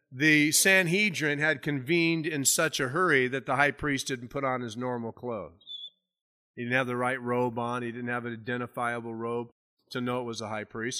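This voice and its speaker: A man's voice: medium pitch, bright, forceful tone. A man preaching an expository sermon as pastor, explaining a Bible passage in a conversational way and lifting his voice when he reads scripture aloud. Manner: conversational Bible teaching with rising emphasis on scripture readings.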